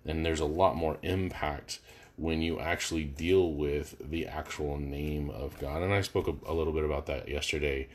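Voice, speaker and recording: A man's voice: extremely low pitch, fairly even intonation, moderate pace, a little hiss or hum. A man leading a live verse-by-verse Bible study, talking casually with many fillers and restarts. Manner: casual, thinking aloud with frequent fillers and restarts.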